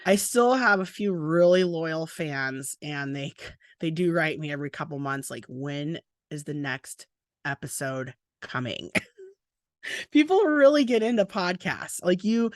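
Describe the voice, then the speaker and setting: A woman co-hosting a podcast, a former teacher turned librarian, chatting casually with a deadpan, sarcastic streak. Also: on the low side, unhurried, no echo, clean studio sound.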